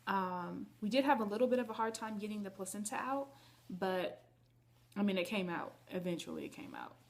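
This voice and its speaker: A woman's voice: medium pitch, brisk, vocal fry. Candid, chatty woman vlogger. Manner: candid and chatty, talks straight to viewers. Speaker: vlogger telling her birth story. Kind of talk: casual storytelling to camera.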